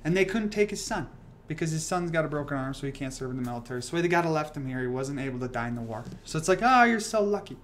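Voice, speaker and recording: A man's voice: a little high, very fast, slight background noise. Rambling, swearing man on a livestream. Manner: rambling, profane, animated ranting. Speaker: livestream host. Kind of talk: casual livestream chat.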